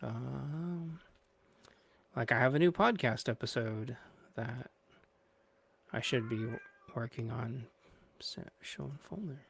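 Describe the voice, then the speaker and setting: A man's voice: medium pitch, takes it slowly, vocal fry, long pauses, fairly bright tone, slight background noise. A man hosting a podcast livestream, chatting in a scattered, playful way and drifting off mid-sentence while waiting for his guest. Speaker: podcast host. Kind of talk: rambling livestream pre-show chat.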